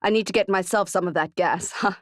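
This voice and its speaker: A woman voicing Keke, a tough, frantic female friend who talks bluntly and swears, in a dark thriller audiobook. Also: medium pitch, a little fast, dry recording, studio quality, lightly acted. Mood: urgent.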